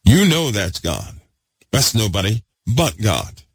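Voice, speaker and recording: Deep preacher guy, fervent, swoops up and down a lot, dry close sound. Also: big pitch swings, slow, slightly rough, dry recording. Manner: fervent, repetitive, swings between loud and hushed. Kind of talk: sermon.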